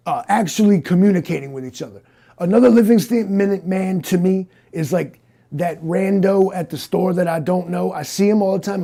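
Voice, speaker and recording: A man puts on a gruff, cocky cyborg detective in an improvised comedy interrogation. His voice is gravelly and dark but sits a little high. He drawls, rambles and keeps saying the name of the man he is talking to.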